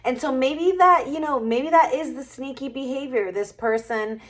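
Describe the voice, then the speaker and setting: A woman's voice: sits high, normal speed. A woman doing a casual tarot reading to camera, musing and thinking aloud as she turns cards. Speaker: tarot reader.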